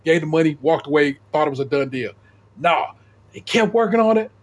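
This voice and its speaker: A man on a podcast telling a long, animated story in casual chat, swearing freely and tripping over repeated words. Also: a little high, a little fast. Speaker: podcast co-host.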